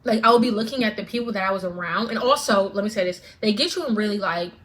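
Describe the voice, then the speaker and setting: A woman's voice: medium pitch, fast, fairly bright tone. A woman vlogger ranting straight to camera, fervent and profane, repeating lines for emphasis. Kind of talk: direct-to-camera rant.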